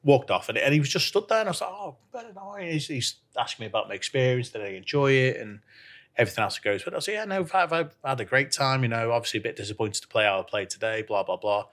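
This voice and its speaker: This golfer's mid-range voice is rapid-fire, fairly bright, and full of lively intonation. He's telling an anecdote on a podcast, laughing through it and acting out quoted lines.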